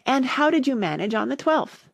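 A woman's voice: on the low side, lively intonation, normal speed, gravelly, slightly rough, dry recording, exaggerated voice. A woman voicing a polite, timid young girl in a storybook reading.

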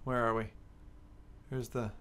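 A woman streaming a racing game, chatting casually with her viewers in an excitable, joking way, swearing often. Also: a bass voice, a little slow, slight background noise. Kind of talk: casual live-stream chat while gaming.

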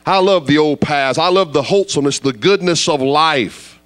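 A man preaching a fiery evangelistic sermon, dropping to low intensity then rising to loud, high shouts. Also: moderate pace, clear, resonant tone.

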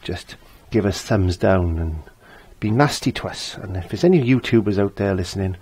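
A man's voice: sits low, expressive, moderate pace, vocal fry, a little mellow, husky. An older man giving a casual painting lesson, chatty and repeating his phrases as he works. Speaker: painting teacher.

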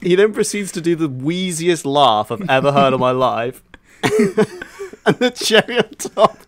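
A man's voice: on the high side, lively intonation, a little slow. A young man co-hosting a podcast in casual chat, laughing through his story as he tells it. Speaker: podcast co-host.

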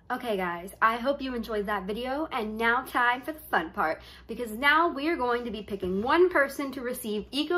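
Chatty young woman gaming vlogger. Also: on the high side. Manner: chatty, rambling, heavy use of "like". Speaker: gaming YouTuber. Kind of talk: casual gameplay commentary.

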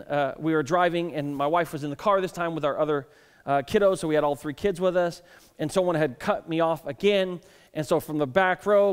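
A man's voice: fairly high pitch, smooth. A male pastor in his thirties giving a conversational sermon, telling family stories and often restarting his words. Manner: conversational, self-deprecating storytelling with frequent repeated starts. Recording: long reverb of a church hall.

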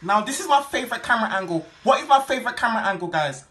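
A man doing an eager teacher, high voice. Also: lively intonation, bright, forceful tone, soft background music. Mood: teacherly. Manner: brisk, encouraging, lecturing. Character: eager male British secondary school teacher.

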